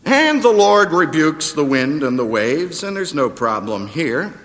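A man preaching a sermon to a live audience, with dramatic emphasis that rises to near-shouts on quotes. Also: a little high, big pitch swings, measured pace. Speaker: preacher and seminary professor. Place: auditorium before a live audience. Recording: hall reverb, radio broadcast.

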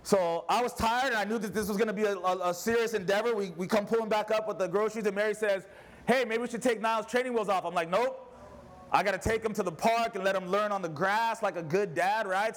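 A man in his thirties preaching a sermon, telling a family story in an animated, conversational way and checking in with the congregation. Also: high-pitched, a little fast. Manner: animated, conversational, asks the audience "right?". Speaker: pastor.

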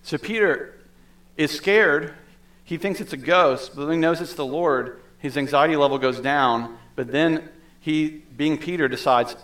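A man's voice: a little high, expressive, normal speed, fairly bright tone. A male pastor preaching a sermon in a conversational way, with asides and the odd laugh.

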